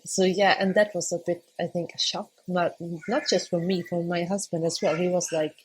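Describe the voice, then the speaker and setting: A young woman, a podcast guest, talking casually and hesitantly, often searching for words and laughing softly between thoughts. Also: on the low side, fairly even intonation, moderate pace, husky. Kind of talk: casual conversation.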